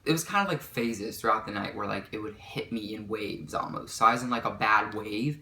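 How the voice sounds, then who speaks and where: A woman's voice: rumbling low, fairly quick, sharp tone, slight background noise. Young woman, vlogger, rambling storytime, lots of "like", echoey room. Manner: rambling, full of "like" fillers. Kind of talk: storytime vlog.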